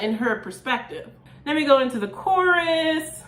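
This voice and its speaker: A woman's voice: sits high, moderate pace, roomy sound. A woman hosting her own channel, talking casually and expressively through song lyrics with lots of "like"s. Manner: chatty, expressive, many "like"s. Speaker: YouTube host reacting to song lyrics.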